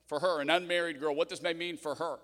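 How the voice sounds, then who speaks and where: In a church auditorium, a middle-aged pastor preaches a sermon, telling stories with self-mocking humor. His voice is a little high, steady, quick and somewhat bright, and the recording carries the long reverb of the church hall.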